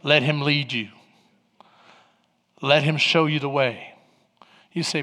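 A man's voice: a little high, steady tone, measured pace, sharp tone, in a large hall. A man in his forties preaching a sermon as pastor, calling out to the congregation with rising fervor. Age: 40s.

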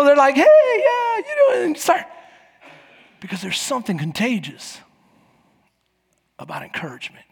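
Animated high-voiced pastor. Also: male voice, vocal fry, breathy edge. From Texas. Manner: animated, acts out quoted voices. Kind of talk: sermon with storytelling. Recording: echoey hall.

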